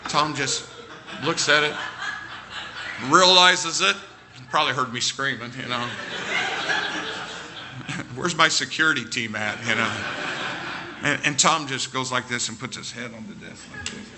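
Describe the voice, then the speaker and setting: A man telling an animated story with quoted dialogue during a sermon. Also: mid-range voice, measured pace, pauses often, background noise.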